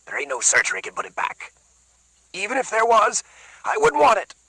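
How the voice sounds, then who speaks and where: A man's voice: very high voice, expressive, moderate pace, pushed and bright, slightly rough, no room sound, pitched above the performer's own voice, full character voice, low-quality recording. A man voicing a small, white-haired fugitive who talks loosely and lazily. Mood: weakly joking. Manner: loose, lazy, shrugging.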